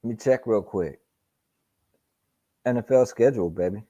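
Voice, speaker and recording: On dull, lo-fi stream audio, a boxing talk show host chats live in a casual, profane way, full of slang and repeating himself. His voice is fairly low and dark, at normal speed.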